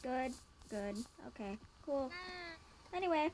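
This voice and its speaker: A woman's voice: high voice, lively intonation, slow pace, a little mellow, slight background noise. A young woman chatting casually while gaming, chatty and easily distracted. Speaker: gamer.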